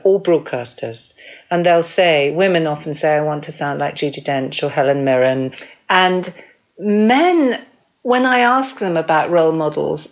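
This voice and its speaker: Woman, voice coach, explains patiently, somewhat low voice, muffled radio sound. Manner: measured, explanatory, gives spoken examples.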